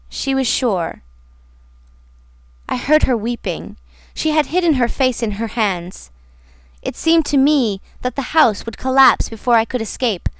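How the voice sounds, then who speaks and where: Female audiobook narrator, measured dramatic reading, smooth voice, fairly high. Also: no room sound. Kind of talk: scripted narration.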